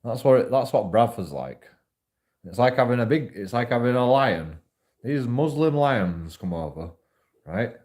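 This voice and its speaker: A man's voice: medium pitch, expressive, measured pace, darkish tone. A man rambling through a profane monologue to camera, repeating himself often. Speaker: vlogger.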